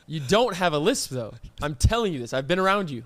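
A young man co-hosting a podcast in casual chat, animated and teasing, laughing often. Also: fairly high pitch, a little fast, dry recording. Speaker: podcast co-host.

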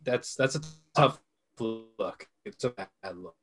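A man's voice: medium pitch, expressive, slow pace, faint music behind. A man co-hosting a casual sports podcast, rambling and repeating himself as he thinks aloud. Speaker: podcast co-host. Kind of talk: casual chat.

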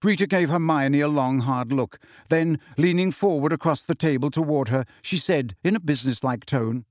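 A man narrating a novel in an even storytelling voice, pitched a little higher than most men. The sound is close and dry, with no room around it. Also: moderate pace, hardly any pauses, no echo. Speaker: audiobook reader. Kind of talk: scripted narration.

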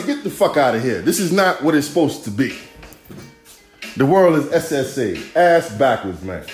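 A man hosting a podcast, ranting casually in profane, rambling, rhythmic street talk. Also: fairly high pitch. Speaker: podcast host. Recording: echoey room, faint music.

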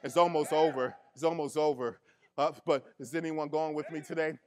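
A pastor with a rather high male voice delivers his sermon with emphatic repetition. He keeps checking in with the congregation, and his phrasing is loose and colloquial. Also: fairly even intonation, normal speed. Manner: emphatic, repeats key phrases, call-and-response with the congregation; casual colloquial grammar.

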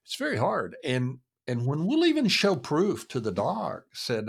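A man's voice: fairly high pitch, unhurried, vocal fry, hardly any pauses, slightly rough. A man co-hosting an interview podcast, sharing anecdotes in a chatty way. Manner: anecdotal, animated storytelling. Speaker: co-host.

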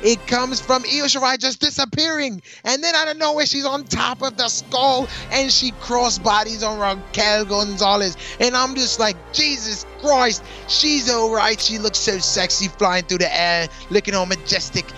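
Brief: male co-host, bright forceful tone, hyped and playful, casual chat. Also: extremely high pitch, normal speed, few pauses, soft background music. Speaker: co-host of a wrestling show.

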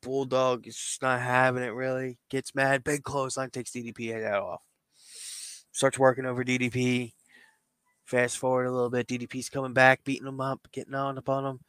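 A podcast host retelling a fantasy wrestling show play by play, in an animated way. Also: male voice, medium pitch, moderate pace, clean tone, dry recording.

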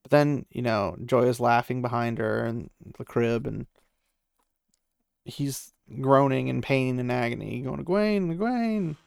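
A man's voice: mid-range voice, fairly even intonation, a little slow, gravelly, clean tone, no room sound, studio quality. A man casually retelling a fantasy novel, rambling and slipping into the characters' voices, with opinionated asides. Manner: rambling, acts out the characters' quotes loosely. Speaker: book recapper.

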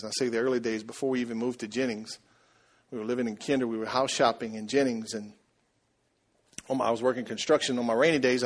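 A man preaching a sermon, telling a story and asking the congregation questions in a lively, conversational way. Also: mid-range voice. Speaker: pastor.

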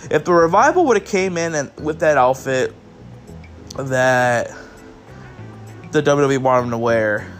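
A man's voice: mid-range voice, expressive, measured pace, long pauses, faint music behind. A man hosting a solo podcast, talking casually and rambling to his listeners, sounding tired and yawning, with some swearing. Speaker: podcast host. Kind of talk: solo wrestling review podcast.

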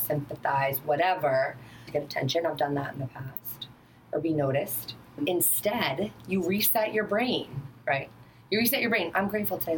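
A woman yoga and Pilates instructor chatting casually in an animated, rambling way, laughing often. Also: fairly low pitch, a little hiss or hum, rough recording. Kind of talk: casual chat.

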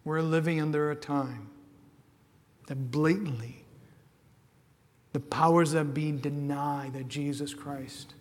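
Impassioned male preacher, slightly high voice, big church reverb. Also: steady tone, takes it slowly, pauses often. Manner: impassioned, swings from shouting to hushed. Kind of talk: sermon. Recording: long hall reverb.

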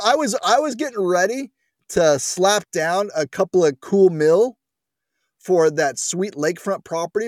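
Sarcastic radio talk host, dry studio sound. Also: male voice, lively intonation, normal speed, a little mellow, dry recording. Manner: sarcastic, wry asides, big pitch swings.

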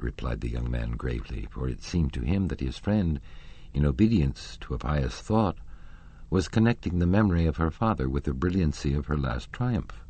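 Deep expressive male audiobook narrator. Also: husky. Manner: expressive, measured storytelling. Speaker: audiobook reader.

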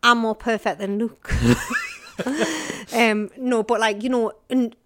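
A woman's voice: a little high, fairly even intonation, takes it slowly, a bit bright, a little hiss or hum. A middle-aged woman, a podcast guest talking candidly in casual conversation and laughing often.

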